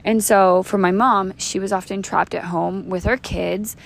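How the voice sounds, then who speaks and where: A woman's voice: medium pitch, fairly even intonation, a little slow, gravelly. A woman in her thirties hosting a podcast, telling her own faith testimony in an earnest, conversational way, with frequent restarts and fillers. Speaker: podcast host.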